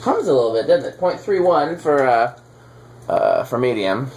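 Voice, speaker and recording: A man's voice: mid-range voice, big pitch swings, moderate pace, a little mellow. A man hosting a casual chat while testing ceiling fans, rambling and teasing with lots of fillers. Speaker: fan collector host. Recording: faint background noise.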